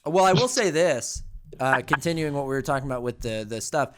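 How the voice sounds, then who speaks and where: A man co-hosting a casual film review podcast, rambling and animated, swearing freely. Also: a little high, fairly quick.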